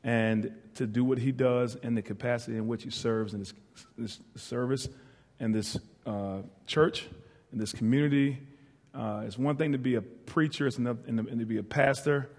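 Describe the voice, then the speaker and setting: Earnest preacher in a reverberant church. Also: male voice, medium pitch, fairly even intonation, moderate pace, darkish tone. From northeastern North Carolina. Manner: earnest and heartfelt, with playful asides to the congregation. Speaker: guest preacher. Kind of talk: church sermon. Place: church sanctuary. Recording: hall reverb.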